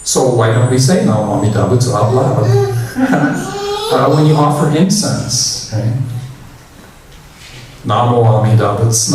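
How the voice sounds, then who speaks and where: A man giving a relaxed, chatty dharma talk as a temple minister and leading loud chanting. He is recorded in a big, very echoey temple hall from some distance. Faint room noise sits behind him. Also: mid-range voice.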